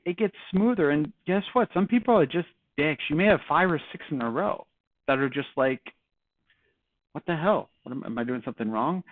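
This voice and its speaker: A man giving a casual sales training talk, chatty and lively, acting out both sides of a phone call. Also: on the high side, no room sound. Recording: dry tinny phone-like audio.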